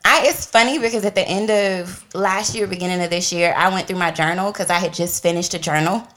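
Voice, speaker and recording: A young woman telling a personal story in casual chat, animated and acting out what others said. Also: fairly quick. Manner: animated, acts out quoted voices with big pitch jumps.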